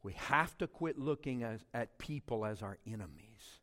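A middle-aged man, preaching a sermon as a pastor, swinging between loud emphatic passages and quiet ones. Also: on the low side, moderate pace, in a large hall. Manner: animated preaching with big swings in loudness.

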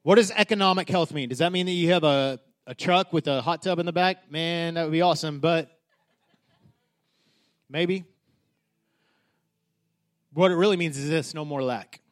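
A high-voiced man preaching a sermon. He talks passionately, stumbling over restarts and repeating key words. His delivery swings from soft, close asides to loud, soaring declarations. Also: normal speed, long pauses. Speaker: pastor.

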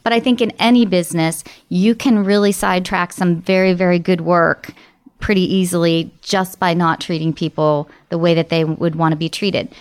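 A woman's voice: on the low side, steady tone, normal speed, clear, resonant tone. A woman guest on a podcast, a marketing director telling stories in an earnest way. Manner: storytelling, earnest. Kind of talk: interview conversation.

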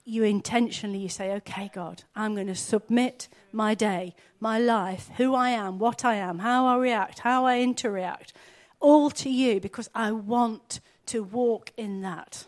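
A high-voiced woman delivers an earnest sermon in a conversational tone. She often puts questions to her listeners. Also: a little slow, hardly any pauses. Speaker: preacher.

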